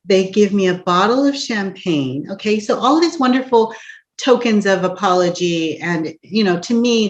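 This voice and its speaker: Speaking in a fairly low voice, a woman from the United States who works as an empath coach shares an encouraging story with lively energy. She laughs often and turns aside to address the listener, though the lo-fi recording sounds dull.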